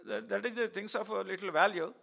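Male pastor, sermon delivery, gravelly and bright, halting storyteller with frequent "uh"s. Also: high voice. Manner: storytelling with many fillers and restarts.

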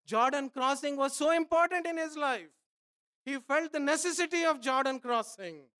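A man preaches a sermon as pastor, emphatically repeating phrases and swinging between soft asides and loud pleading. His voice is very high at a normal speed, recorded clean in a studio with no echo.

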